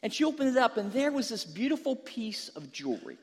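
Guy preaching, light funny storytelling then emphatic, high-ish voice, big echoey hall. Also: big pitch swings, brisk, breathy edge. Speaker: pastor. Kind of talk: sermon.

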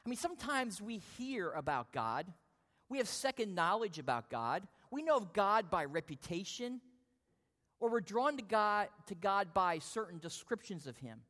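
A man preaching a sermon, telling a lively self-deprecating personal story before drawing the lesson. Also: sits high, normal speed. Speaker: pastor. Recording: long hall reverb.

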